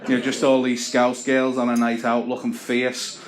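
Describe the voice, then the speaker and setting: Dry stand-up comedian. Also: male voice, mid-range voice, completely flat delivery, moderate pace. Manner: dry, self-deprecating storytelling. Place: comedy club stage with audience. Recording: echoey club with crowd laughter.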